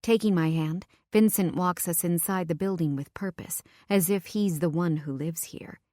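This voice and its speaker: A woman reads a first-person audiobook with expressive, intimate storytelling. Her voice sits a little low, and the recording is close and completely dry. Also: moderate pace, no room sound. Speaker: audiobook narrator. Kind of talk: scripted first-person narration.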